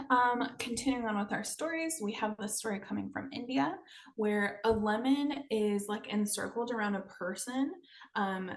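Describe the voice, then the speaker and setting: A woman hosting a podcast, telling a folktale in a relaxed, casual way with frequent hesitations. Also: medium pitch. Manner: relaxed, hesitant, with many ums. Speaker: podcast host. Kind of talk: storytelling in casual chat.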